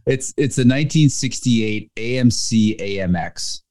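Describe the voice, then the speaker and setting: A man's voice: medium pitch, animated, measured pace, a little mellow. A man from New Jersey, a guest on a podcast, talking about cars with enthusiasm and frequent restarts. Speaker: guest, magazine editor. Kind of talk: casual chat.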